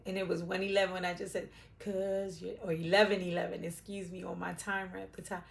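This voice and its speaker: A middle-aged woman reading tarot to camera, rambling and searching for words with many fillers, casual cussing and soft, emotional drops. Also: on the low side, flat delivery, a little fast, gravelly. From Puerto Rican, raised in Brooklyn and Philadelphia. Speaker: tarot reader.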